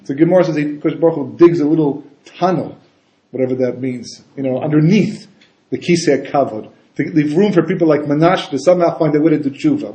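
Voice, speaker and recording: A man giving a casual Torah talk as a rabbi, animated and full of rhetorical questions and asides. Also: fairly high pitch, a little fast. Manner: animated, rhetorical questions, frequent "you know" and "right?". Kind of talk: casual conversational Torah lecture. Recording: echoey room.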